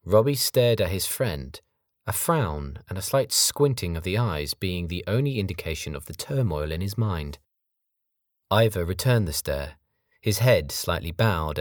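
A man narrating a novel audiobook in a measured, steady reading style. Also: low-pitched, no room sound, clean studio sound. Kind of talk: scripted narration.

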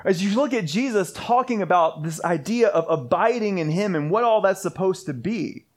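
A high-pitched male pastor preaching in a church sanctuary. He speaks earnestly and stacks his points in a steady, repetitive cadence. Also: normal speed. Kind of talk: sermon.

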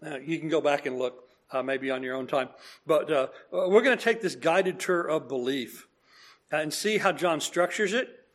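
Guy preaching a sermon, kinda high voice, chatty, lots of uh's and restarts. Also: moderate pace, fairly bright tone. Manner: conversational, acts out quoted dialogue, many fillers and restarts.

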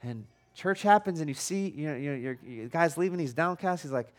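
Higher-voiced pastor with a loud-sounding tone. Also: male voice, expressive, a little fast. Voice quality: tone that can sound loud or angry. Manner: informal, stumbling restarts and repeated words. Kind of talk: conversational sermon.

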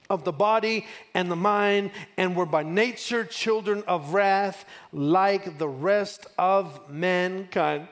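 A middle-aged man from West Texas preaching a sermon, building call-and-response refrains and telling a family story. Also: high-pitched. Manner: call-and-response, rising to shouts.

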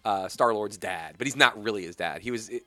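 Speaking briskly over soft background music, a young man behind a radio studio mic keeps things casual, then grows more animated as he rants, his pitch and volume rising. The audio carries no room sound.

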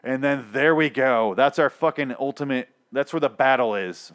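A man's voice: medium pitch, normal speed, hardly any pauses, clean tone. Male solo podcast host, sarcastic and foul-mouthed ranter. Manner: profane, sarcastic, animated rant. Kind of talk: ranting solo show review.

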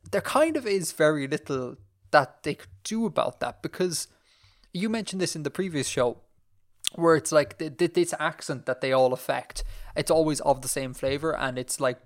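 A man with an Irish accent hosting a podcast, rambling through casual chat with lots of fillers and restarts. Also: fairly high pitch. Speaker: podcast host.

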